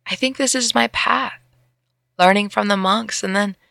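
A woman voicing an earnest, emotional young man with hooves in a spoken fantasy story, in a gravelly voice. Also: mid-range voice, moderate pace, fairly bright tone, no echo, studio quality, pitched above the performer's own voice. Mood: wistful.

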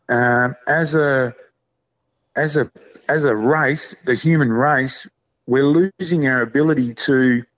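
Earnest Australian man, dull lo-fi sound. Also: mid-range voice. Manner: earnest, rambling, says "mate" often. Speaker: podcast guest, hunter. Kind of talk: casual chat.

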